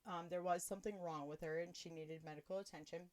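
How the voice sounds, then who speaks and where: A woman hosting a podcast, telling a personal story in a casual, animated way and laughing often. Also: on the low side, fast. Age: adult with children. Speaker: podcast host.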